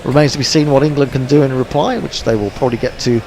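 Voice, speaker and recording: A man doing relaxed ball-by-ball cricket commentary on an internet radio stream, chatty and dry, with plenty of fillers. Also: mid-range voice, fast. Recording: faint background noise.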